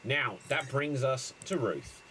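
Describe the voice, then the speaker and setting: A man hosting an improv comedy show, breezy and jokey with quick asides. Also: mid-range voice, lively intonation, pushed and bright, a little hiss or hum, poor audio.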